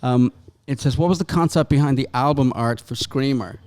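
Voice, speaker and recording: A man's voice: mid-range voice, fairly quick, darkish tone, slight background noise. A man in a band hosting a casual podcast chat backstage, teasing his bandmates and reading out fan questions. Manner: teasing, laughs often.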